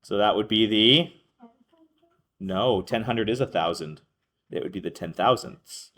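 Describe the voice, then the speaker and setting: A man's voice: fairly low pitch, measured pace, fairly bright tone. A male math teacher explaining a lesson to a class, thinking aloud, correcting himself and calling on students by name.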